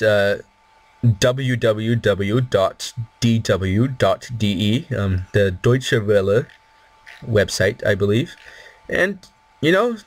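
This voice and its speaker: A man's voice: medium pitch, dry recording. A young man giving rambling, casual commentary while playing a game, with many fillers and restarts. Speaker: gaming video creator.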